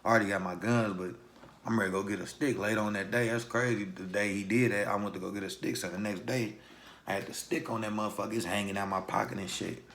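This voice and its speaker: Young Louisville man, slightly low voice, casual street storyteller for a vlog. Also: fast. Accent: Louisville, Kentucky. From Louisville, Kentucky. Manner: street slang, animated retelling with acted quotes. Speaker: vlogger.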